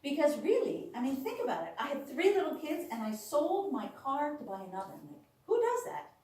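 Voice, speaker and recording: A woman with a high, fairly quick voice tells personal stories to a small audience, bringing them to life by acting out what other people said. She's an animated storyteller, and the recording comes from far off in an echoey room.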